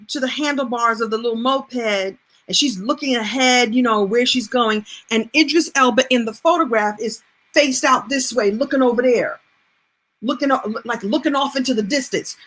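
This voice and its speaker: A woman host telling a personal story in a chatty, animated way. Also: sits high. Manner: animated, chatty, laughs as she tells. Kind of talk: casual storytelling monologue.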